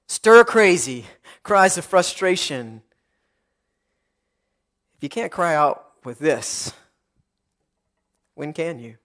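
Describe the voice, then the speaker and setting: A man as pastor, preaching a sermon in an earnest, rhythmic way with repeated phrases and dramatic pauses. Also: on the high side, big pitch swings, fairly bright tone.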